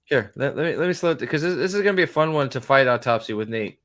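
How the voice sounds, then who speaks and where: A man's voice: medium pitch, expressive, fast talker, a bit bright. A young man hosting a show review, giving profane, exasperated, sarcastic reaction commentary as he watches an episode.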